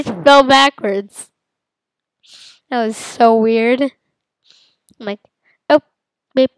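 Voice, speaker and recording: A woman giving silly, playful commentary while playing a game, with sudden loud outbursts. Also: fairly high pitch, slow, pauses often, dry recording, rough recording. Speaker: gamer. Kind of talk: casual let's-play commentary.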